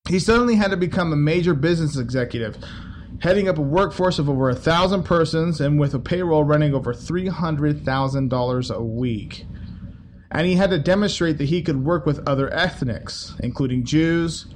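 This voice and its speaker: A man's voice: fairly high pitch, normal speed, slight background noise. A man casually reading a history book aloud, breaking off for swearing, joking asides. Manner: casual, swears, laughs at the text. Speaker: reader.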